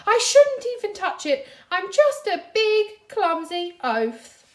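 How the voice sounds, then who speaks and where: A woman voicing a dim, clumsy male cartoon starfish in a storybook reading, loud and drawn-out. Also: mid-range voice, close to an everyday voice. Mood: upset.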